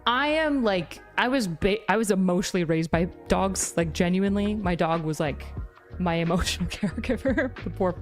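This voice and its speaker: A woman's voice: mid-range voice, animated, moderate pace, soft background music. A woman talking casually in a commentary video, chatty and full of filler likes.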